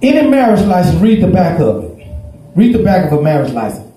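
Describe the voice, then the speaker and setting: A pastor preaching a folksy, story-driven sermon that swells into shouts. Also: male voice, sits high, huge pitch swings, brisk. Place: church sanctuary. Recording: echoey church room.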